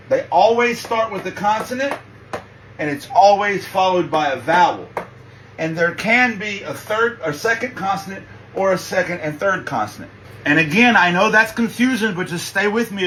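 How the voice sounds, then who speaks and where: A man's voice: high voice, fairly bright tone, slight background noise, poor audio. A man giving a casual spoken tutorial, patient and reassuring, drawing out each letter sound. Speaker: language teacher.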